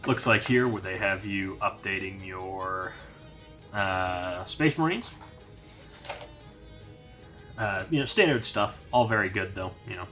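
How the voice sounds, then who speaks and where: A man's voice: deep voice, takes it slowly, pauses often, faint music behind. A young man giving a casual, rambling unboxing review of a hobby magazine, with plenty of fillers. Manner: relaxed, rambling with many fillers.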